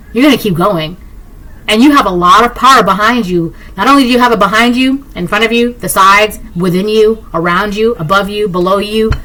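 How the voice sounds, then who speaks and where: A woman's voice: medium pitch, pushed and bright, poor audio. A woman giving a collective tarot reading, blunt and emphatic, repeating herself and talking straight to the viewer. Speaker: tarot reader.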